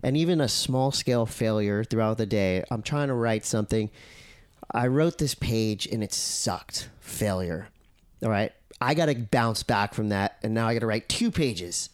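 Smooth-voiced man, animated podcast guest. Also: on the low side, normal speed, dry recording, studio quality. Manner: animated, acts out his own quoted thoughts. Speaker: podcast guest, surf commentator and editor. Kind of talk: casual podcast conversation.

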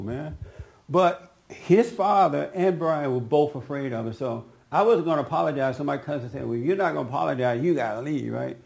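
Gravelly man telling a family story. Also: a little high, moderate pace. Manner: animated, laughing, quoting others in a raised voice. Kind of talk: casual personal anecdote.

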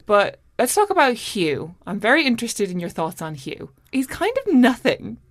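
A woman's voice: medium pitch, big pitch swings, moderate pace, no echo, studio quality. A woman hosting a casual book podcast, talking chattily with fillers and tag questions. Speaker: podcast host.

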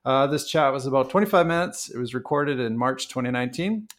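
A man's voice: medium pitch, animated, brisk, a bit bright. A man casually introducing a podcast episode in an easygoing, informal way.

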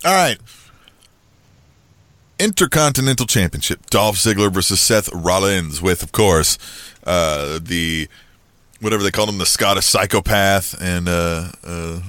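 A low-voiced man talking wrestling at an easy pace, full of "you know" and "like". His voice is recorded close and dry, with no room sound. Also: unhurried, fairly bright tone, no echo. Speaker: podcast co-host. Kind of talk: casual wrestling chat.

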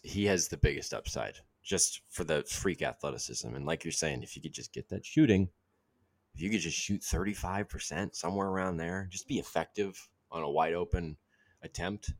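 Deep-voiced man chatting on a sports podcast. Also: no echo. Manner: rambling, hedging with fillers. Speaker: podcast host. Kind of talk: casual sports podcast chat.

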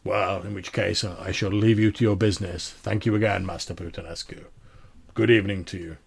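A man voicing a deep-voiced, haughty aristocratic male baron in a tabletop game. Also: fairly even intonation, a little fast, vocal fry, breathy edge, heavily acted. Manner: haughty, imperious.

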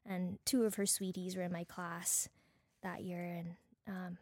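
A woman podcast host talking in an earnest, conversational tone, her pitch sitting a little low and staying fairly level. The recording is close and dry, with no room sound around her. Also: little pitch movement, unhurried, a little mellow, dry recording. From Canada. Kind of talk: casual podcast talk on faith and parenting.

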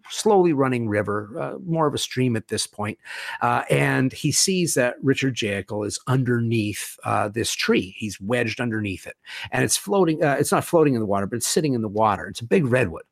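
A horror author appearing as a guest retells film scenes with vivid storytelling, acting out the quotes. His mid-range voice carries vocal fry, captured in clean studio sound with no echo.

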